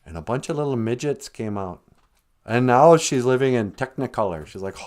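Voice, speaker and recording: A man retelling a story on a live stream in an animated, casual way, humming and singing snatches as he goes. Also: lowish voice, moderate pace.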